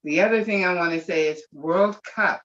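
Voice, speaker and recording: A person from Canada speaking on a webinar, gushing and excited, close to tears. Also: mid-range voice, normal speed. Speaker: webinar participant. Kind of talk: emotional casual speech. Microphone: video call. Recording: muffled video call audio.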